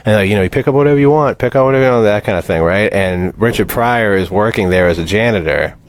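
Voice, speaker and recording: A man hosting a radio talk show, chatting casually and retelling movie scenes with animated energy. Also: on the low side, fast talker. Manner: animated storyteller, acts out movie lines. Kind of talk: casual studio chat. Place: radio studio.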